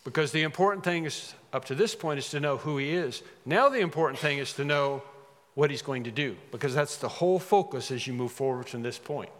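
A man preaching a sermon, animated, acting out quoted lines with rising emphasis. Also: a little high, fairly quick, in a large hall.

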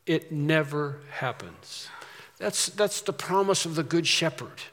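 A man preaching a sermon as pastor, swelling to loud, slowed emphasis on key phrases and dropping back to a quieter tone. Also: fairly high pitch, animated, big-room sound.

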